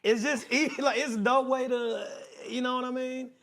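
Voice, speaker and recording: A man with a Southern US accent co-hosting a casual talk show, animated and laughing, dropping his voice for serious points. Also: extremely high pitch, moderate pace. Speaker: co-host.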